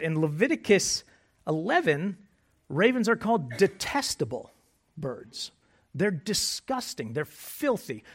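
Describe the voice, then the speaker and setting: A male pastor delivering a sermon in an animated, conversational way. His voice sits high and moves through a wide, expressive range. He mixes humor with quiet, hushed moments. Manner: animated preaching with jokes, dropping to soft hushed phrases.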